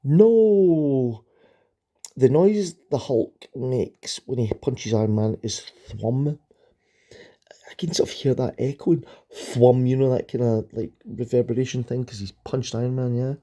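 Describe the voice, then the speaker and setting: Rambling enthusiastic man, mellow voice. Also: mid-range voice, fairly even intonation, normal speed. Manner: rambling, enthusiastic, frequent ums and restarts. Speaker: comic book reviewer. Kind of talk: casual comic review vlog.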